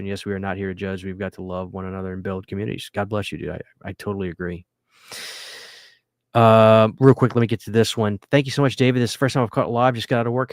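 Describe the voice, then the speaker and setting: Male stream host, casual late-night chat, slightly low voice, dry close mic, earnest and rambling. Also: dry recording. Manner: rambling, earnest, thanks viewers often. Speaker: livestream host reading viewer comments. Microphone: studio microphone.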